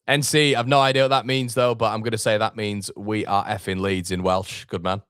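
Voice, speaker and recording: This man hosts a fan channel's live football watchalong, where he chats loosely, reads viewer comments aloud and reacts to the game. His voice is on the low side, smooth and a bit bright. It is studio quality with no echo.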